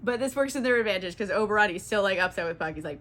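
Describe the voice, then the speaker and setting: A woman's voice: mid-range voice, animated, rapid-fire, hardly any pauses, fairly bright tone. A woman giving a casual, comic book summary, giggling often, swearing and saying "like" a lot. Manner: giggly, profane, lots of "like". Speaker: book vlogger.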